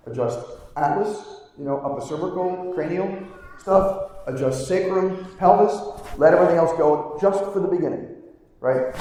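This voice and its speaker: A man with a fairly high voice teaches a live audience as a chiropractor, asking them questions and repeating key terms for emphasis. He is heard from a distance through a big, echoing hall with a long reverb tail. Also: darkish tone, slight background noise. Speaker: chiropractor giving a talk. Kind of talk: live conference presentation. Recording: echoey hall, mic from far off.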